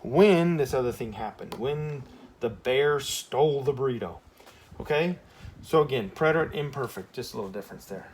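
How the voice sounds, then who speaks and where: A man's voice: mid-range voice, lively intonation, moderate pace, darkish tone, slight background noise. A man teaching a Spanish grammar lesson in a casual classroom style, often checking in with "okay?" and correcting himself as he goes.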